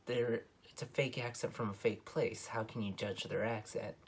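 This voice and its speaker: A man's voice: on the low side, fairly even intonation, moderate pace, slightly rough. A man giving a casual, rambling film review, full of ums and self-corrections, his voice jumping up on emphatic points. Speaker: movie reviewer.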